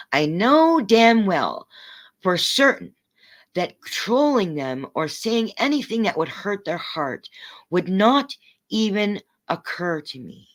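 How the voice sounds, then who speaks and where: A woman livestreaming, ranting angrily at her chat and swearing in a confrontational way. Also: fairly low pitch.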